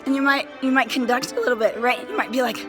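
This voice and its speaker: A woman band director explaining classroom routines to other teachers in an animated way, often checking in with "right?" She says she is a little sick. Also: high voice, fast, music in the background. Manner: animated, enthusiastic, keeps checking in with "right?" and "okay?". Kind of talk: casual how-to lesson to camera. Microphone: handheld phone.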